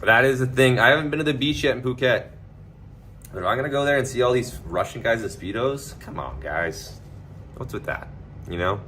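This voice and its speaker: A man's voice: medium pitch, a little fast, bright, forceful tone, slight background noise. A man chatting casually to his livestream viewers, rambling and swearing freely, with lots of filler words. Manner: rambling, loose and profane, full of filler words.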